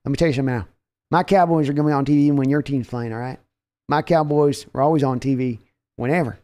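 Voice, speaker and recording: A man playing a blustering older team owner, bossy and loud, mellow low-toned voice. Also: steady tone, fast talker, lightly acted.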